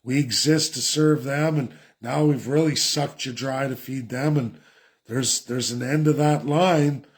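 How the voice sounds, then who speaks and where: A man's voice: medium pitch, fairly even intonation, unhurried. Sarcastic ranting Canadian man. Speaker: political commentator. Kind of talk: ranting political commentary vlog.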